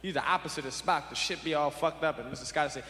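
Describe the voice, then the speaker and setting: A man's voice: a little high, fast. A young man doing profane stand-up comedy on a large arena stage, jumping into voices and impressions. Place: large arena stage before a live audience. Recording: echoey arena with loud crowd noise.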